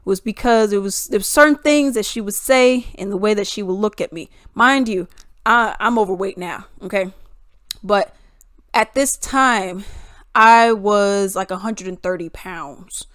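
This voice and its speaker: A woman's voice: medium pitch, normal speed, fairly bright tone, no echo. Young woman vlogger, mid-range voice, emphatic opinionated commentary with a dry, close sound. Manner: emphatic, with rhetorical questions.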